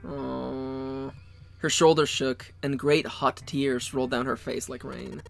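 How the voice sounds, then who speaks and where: A man's voice: medium pitch, little pitch movement, slow, vocal fry, soft background music. Joking man reading game text. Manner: playful, jokey, mock-dramatic reading. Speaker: let's play co-host.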